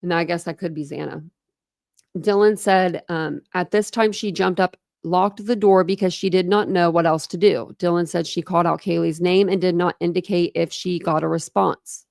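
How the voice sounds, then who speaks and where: A woman's voice: lowish voice, fairly even intonation, moderate pace, gravelly, darkish tone, dry recording, clean studio sound. A young woman hosting a true crime channel, reading court documents aloud and breaking off into chatty commentary full of "like" fillers.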